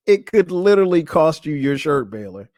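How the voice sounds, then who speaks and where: With frequent laughter, a forties-aged podcast host speaks candidly to a friend about marriage in a relaxed advice monologue. His voice is a little high and slightly mellow, recorded in studio quality without echo.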